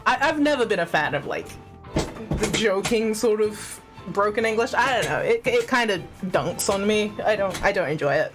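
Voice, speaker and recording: A woman talks casually over a video game stream, sweary and chatty with laughing asides. Her voice is lively and moves freely. Faint music plays underneath. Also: mid-range voice, moderate pace. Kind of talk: casual gaming stream commentary.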